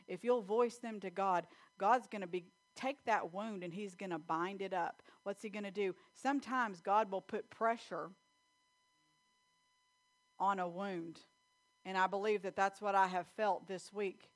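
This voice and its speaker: A middle-aged woman preaching a sermon, telling a childhood story in quick, animated bursts. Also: medium pitch.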